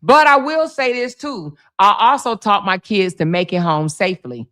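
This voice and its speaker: Animated middle-aged woman streamer. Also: medium pitch, moderate pace. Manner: animated storytelling, reads viewer comments aloud. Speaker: livestream host. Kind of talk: casual livestream chat.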